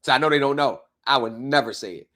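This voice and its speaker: A man hosting a casual livestream chat, telling stories with lively, animated reactions and frequent swearing, heard over a remote video call. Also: quick pace. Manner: animated storyteller, acts out his reactions with big pitch jumps and swearing. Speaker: livestream host.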